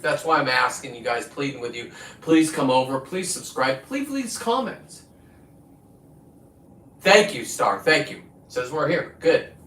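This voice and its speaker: A man with a mid-range, fairly bright voice hosts his own livestream, ranting into a phone in a profane, combative and preachy manner. The room is echoey and he sits distant from the mic.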